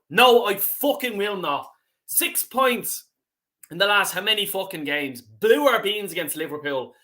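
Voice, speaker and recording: A man's voice: high-pitched, bright, forceful tone. A man hosting a fan reaction livestream, ranting angrily and swearing as he repeats himself. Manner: angry, sweary, repetitive ranting. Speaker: fan channel host.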